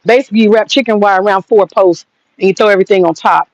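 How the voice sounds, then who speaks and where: A fast-talking woman with a mid-range voice vlogs from her backyard on a handheld phone. The recording has no room sound and the highs are cut off. She chats casually, rambling through profanity-filled stories.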